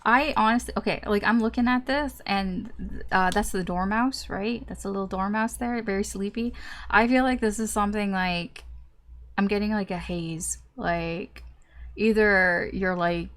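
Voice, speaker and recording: A young woman giving a casual tarot reading, chatty and full of fillers, acting out little reactions as she goes. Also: medium pitch. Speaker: tarot reader.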